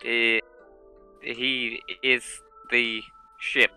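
A man's voice: medium pitch, little pitch movement, extremely slow, bright, forceful tone, clean tone, soft background music. A man playing in a tabletop game, giving brief, laid-back replies. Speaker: player. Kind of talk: casual tabletop play.

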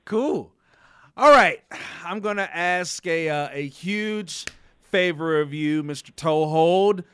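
A man's voice: on the high side, expressive, slow, fairly bright tone, smooth, no room sound, studio quality. A man hosting a radio show interview in an enthusiastic, hyped manner.

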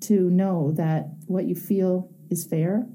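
A woman's voice: on the low side, steady tone, slow pace, dark tone, slight background noise. A woman talking frankly and emphatically as a host, telling a personal story and giving advice.

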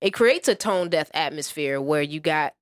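A woman's voice: deep voice, animated, moderate pace, no echo. Woman, casual podcast talk, laid-back slang, dry close recording. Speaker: podcast co-host. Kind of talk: casual chat.

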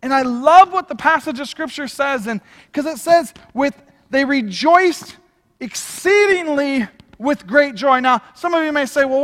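A man preaching a sermon with energetic, conversational delivery and casual slang. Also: very high voice. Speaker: pastor. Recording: long hall reverb.

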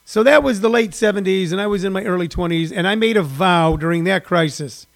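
A man's voice: high voice, fairly quick, vocal fry. A man in his sixties, a comedian hosting a daily livestream, rambling through stories with many fillers and restarts. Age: 60s. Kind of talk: casual rambling monologue.

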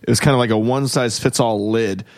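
A man's voice: medium pitch, steady tone, quick pace, dry recording. A young man rambles through a joke on a casual comedy podcast, full of "uh"s and restarts. His voice sits close and dry on the mic. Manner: rambling joke-telling with many fillers and restarts. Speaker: podcast co-host.

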